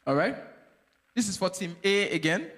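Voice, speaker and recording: The long hall reverb of an event hall surrounds a man running a playful workshop quiz. His high, expressive, fairly bright voice moves at a moderate pace as he teases the teams and laughs often.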